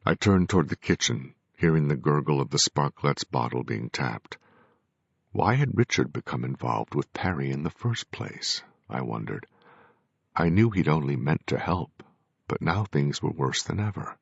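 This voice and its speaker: A man narrating a first-person audiobook with measured, grave storytelling. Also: very deep voice, lively intonation, creaky, breathy edge, dry recording. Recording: dry, dull lo-fi recording.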